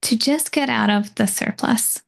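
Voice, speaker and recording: A woman hosting a podcast interview, asking gentle, musing questions. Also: a little high, a little slow, gravelly. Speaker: podcast host.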